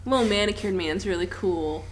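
A woman co-hosting a podcast, chatting in a lively, casual way and slipping into playful impressions. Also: mid-range voice, moderate pace. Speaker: podcast co-host. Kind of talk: casual chat. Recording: echoey room, faint noise.

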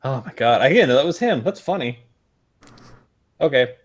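A man's voice: mid-range voice, animated, moderate pace. Rambling, foul-mouthed man chatting. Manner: rambling, swears a lot, many fillers and restarts. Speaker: podcast co-host. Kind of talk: casual chat.

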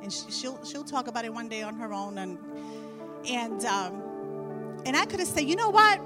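A middle-aged woman sharing a Christian testimony with an audience, telling her story in an animated way and repeating phrases for emphasis. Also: on the high side, normal speed, over loud music. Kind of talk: faith testimony told to an audience.

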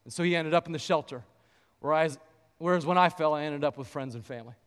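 A man's voice: on the high side, fast talker, clear, resonant tone, long reverb tail. A male pastor preaching a sermon in a church, telling a story and rising into fervent scripture quotes. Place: church sanctuary.

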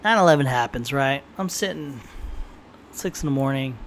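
A man's voice: medium pitch, expressive, normal speed, background noise. A young man talking casually and profanely in a rambling podcast monologue, often quoting his own thoughts. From San Diego area, United States. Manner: rambling and profane, tells stories with quoted inner thoughts.

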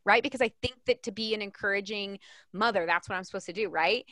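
A woman in her thirties talking as a guest on a podcast, emphatic and fast-flowing, with frequent "like" fillers. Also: medium pitch, a bit bright, dry recording, clean studio sound. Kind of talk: podcast conversation.

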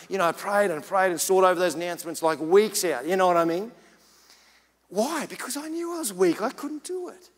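A man delivers a sermon in a high, bright voice, telling a story in a relaxed, chatty way and then pressing his point with rising urgency. His words ring out with a long reverb, as in a church hall. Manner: casual preaching, rising to urgent emphasis. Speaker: pastor.

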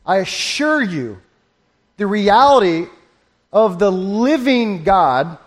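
A middle-aged man preaching a sermon, earnest and halting, often restarting his sentences. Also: high-pitched. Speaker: pastor.

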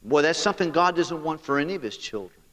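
A man preaching a sermon as pastor, animated and talking straight to his congregation. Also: fairly high pitch, quick pace, long reverb tail.

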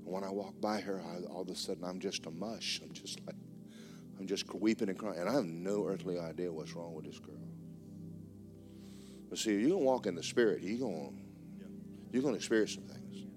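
A pastor with a fairly low voice preaches to his church. He moves from loud, excited storytelling to quiet, hushed passages. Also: normal speed, over music. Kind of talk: sermon. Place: church sanctuary.

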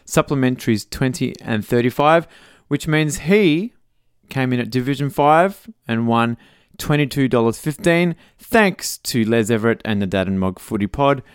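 A middle-aged Australian man co-hosts a casual podcast, joking around as he reads out listener messages. His mid-range voice is expressive, clear and resonant at normal speed, recorded at studio quality with no room sound.

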